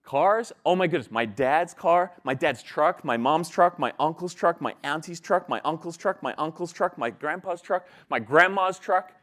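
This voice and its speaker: A man's voice: fairly high pitch, animated, moderate pace, few pauses, a bit bright. A man voicing a young Texan boy who brags eagerly. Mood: boastful. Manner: breathless, eager bragging.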